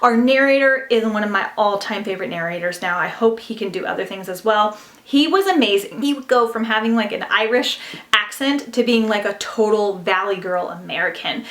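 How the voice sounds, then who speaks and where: A woman's voice: mid-range voice, brisk, fairly bright tone. A young woman chatting casually about books she listened to, gushing and full of fillers. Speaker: book vlogger. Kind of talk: casual book review chat. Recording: roomy echo.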